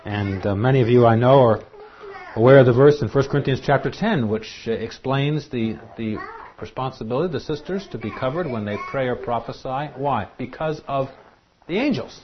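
Man, preacher, sermon, emphatic, mid-pitched, dull lo-fi recording. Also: fairly quick, slight background noise. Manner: animated, emphatic.

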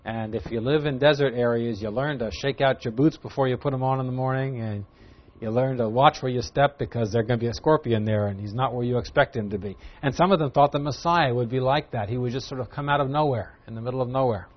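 A man's voice: medium pitch, quick pace, dull audio. A man preaching an expository sermon, teaching conversationally and raising his voice for emphasis. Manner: conversational Bible teaching, rising loud for emphasis. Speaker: pastor.

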